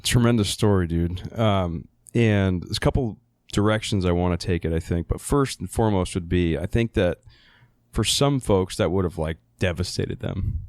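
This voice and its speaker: A man hosts a podcast interview, asking his questions loosely and casually. His voice is very deep. The sound is dry, with no room echo. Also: normal speed. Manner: relaxed, informal, brief reactions. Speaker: podcast host.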